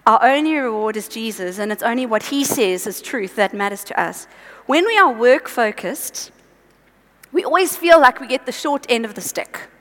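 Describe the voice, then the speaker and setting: High-voiced woman preaching in a reverberant hall. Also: expressive, moderate pace, fairly bright tone. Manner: earnest, exhorting, chatty asides. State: voice tiring. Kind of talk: conversational sermon.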